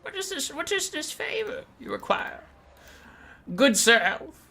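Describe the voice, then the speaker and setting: Shrill dim bird beast of chaos. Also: male voice, big pitch swings, heavily acted. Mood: pompous. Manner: shrill pompous yelling, slow-witted formality.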